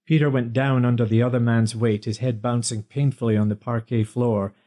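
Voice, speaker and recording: A male narrator reads an audiobook in an even, measured way. His voice is warm and mellow, sitting at a middle pitch. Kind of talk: scripted narration.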